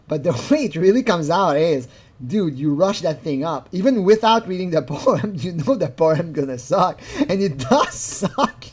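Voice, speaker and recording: A man's voice: a little high, very animated, moderate pace, darkish tone, breathy edge. Rambling man commenting on a call. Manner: rambling, restarts often, mocking. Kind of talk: casual commentary over a played call.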